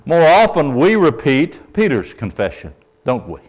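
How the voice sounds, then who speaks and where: A man preaching a sermon, emphatic, often checking in with the audience and letting his voice drop soft at the ends of phrases. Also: a little high, huge pitch swings, a little slow.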